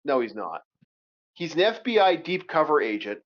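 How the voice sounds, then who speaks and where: A man co-hosting a casual movie review chat, animated and swearing a lot as he repeats himself. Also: a little high, normal speed. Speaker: co-host of a movie review show. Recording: dull lo-fi sound.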